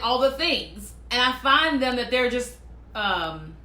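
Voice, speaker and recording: A woman shares her own stories in a loose, casual way and slips into the voices of the people in them. Her voice is bright and a little high. The room has a noticeable echo. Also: slow pace. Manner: animated, acts out quoted voices, laughs often. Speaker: speaker sharing personal stories. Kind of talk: casual storytelling monologue.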